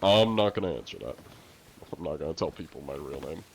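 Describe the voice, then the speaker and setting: A young male streamer with a low, deep voice chats loosely with his viewers. He rambles, fills gaps with "like" and "um," and swears now and then. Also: expressive, brisk, a little hiss or hum. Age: young adult. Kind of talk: casual stream chat answering viewer questions.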